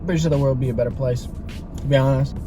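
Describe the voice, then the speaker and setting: A man rambles casually from his parked car, swearing freely as he eats. His voice sits at an ordinary middle pitch. Soft music plays faintly in the background. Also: fairly even intonation, rapid-fire. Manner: rambling, profane, talks while eating. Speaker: vlogger. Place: car parked in an empty parking lot.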